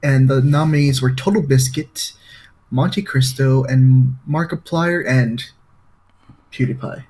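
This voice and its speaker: A man co-hosting a casual podcast, laughing often and running through a list in a relaxed way. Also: medium pitch, takes it slowly, breathy edge. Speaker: podcast co-host. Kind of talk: casual chat.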